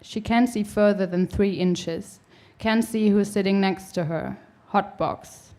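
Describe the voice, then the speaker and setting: A woman's voice: medium pitch, measured pace, warm tone. A young woman reading her own short story aloud at a live event. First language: German. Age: young adult. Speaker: author and reader.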